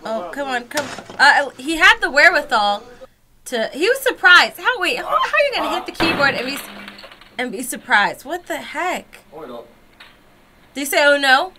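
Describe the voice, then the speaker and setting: A woman hosting a gaming reaction video at her computer desk, gasping and exclaiming loudly as she watches. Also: high voice, moderate pace, noisy background. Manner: excitable, loud exclamations and gasps. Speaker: YouTube gaming host. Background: music and sound from the clips she reacts to.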